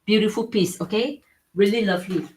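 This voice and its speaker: A woman's voice: mid-range voice, fairly quick, a little mellow, slight background noise. Enthusiastic woman selling antiques on a live stream. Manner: enthusiastic, repeats "okay?" and "right?", non-native grammar. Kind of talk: live-stream sales chat.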